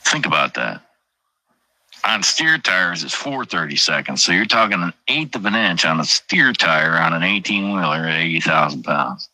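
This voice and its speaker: Low, sharp-edged profane man rambling. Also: very animated, normal speed, no echo, rough recording. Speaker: truck driver streamer. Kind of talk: casual livestream chat.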